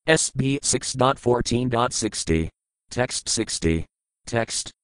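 A man reading scripture verses aloud, giving each word's meaning and then the translation in a measured, deliberate recitation. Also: medium pitch, lively intonation, clear, resonant tone, no room sound, low-quality recording. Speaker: scripture reader.

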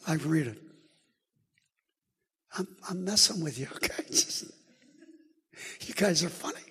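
A male preacher giving a sermon, joking and teasing the crowd and building up to shouts. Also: fairly high pitch, lively intonation, unhurried, slightly rough. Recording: long hall reverb.

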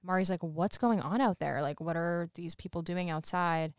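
A woman co-hosting a podcast, walking through a movie scene by scene in a casual, chatty way. She acts out each character's lines as she retells them. Her voice is smooth and slightly low, recorded dry and close. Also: moderate pace, dry recording. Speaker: podcast co-host. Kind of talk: casual chat recapping a movie.

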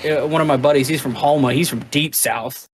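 A man's voice: a little high, fairly quick, a little hiss or hum. A man from Louisiana, a podcast co-host, telling stories in casual chat with lots of swearing and laughter. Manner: profane, laughing storyteller.

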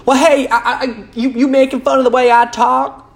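A man doing an exaggerated Southern US country hillbilly voice, loud, folksy and drawling, quick to threaten. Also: very high voice, little pitch movement, vocal fry, a little hiss or hum, pitched above the performer's own voice. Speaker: host.

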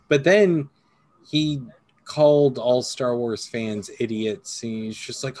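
Brief: male host, mid-pitched voice, loose rants, swears freely. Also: measured pace. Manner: ranting, swears freely, jokey asides. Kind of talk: casual podcast chat.

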